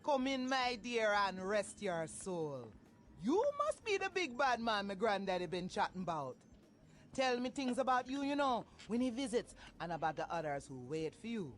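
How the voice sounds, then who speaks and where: A sly old voodoo woman, teasing and mystical in a video game. She speaks slowly and knowingly, with faint noise behind her. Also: on the high side, big pitch swings. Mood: sly welcoming. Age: older. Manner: sly, knowing, drawn-out delivery.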